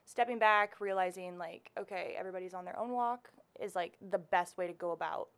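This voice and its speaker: A woman's voice: on the low side, fairly quick, smooth, no room sound. A woman in her twenties co-hosting a faith podcast, talking casually with lots of fillers. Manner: chatty, lots of fillers, laughs easily. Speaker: podcast co-host. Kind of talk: casual chat.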